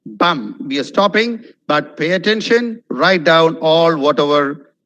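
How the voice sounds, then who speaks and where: Man, fairly high voice, animated webinar teacher, repeats drill words, asks "okay?" a lot. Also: measured pace, lo-fi sound. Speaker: webinar speaker on spoken English. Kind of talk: online lecture. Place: webinar, video call.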